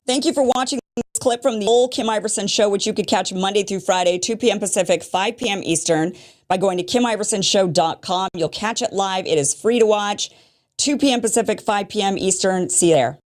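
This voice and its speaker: A woman's voice: mid-range voice, fairly quick. A woman hosting a show, giving political commentary in a pointed, rhetorical manner. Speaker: show host.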